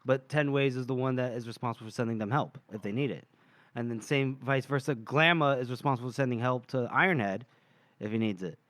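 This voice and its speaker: A man's voice: mid-range voice, fast talker, fairly bright tone, no room sound. A man co-hosting a podcast, casually recapping and debating book scenes with easy laughter. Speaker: podcast co-host.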